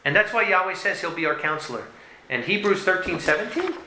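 A man preaching a sermon, reading scripture aloud and then commenting on it, swinging from loud emphasis to hushed lines. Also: high voice, lively intonation, a little fast, roomy sound, noisy background.

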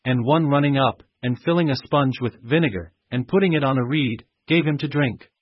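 A man giving a steady, measured reading of scripture. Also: medium pitch, dry recording. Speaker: scripture reader. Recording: muffled dry recording.

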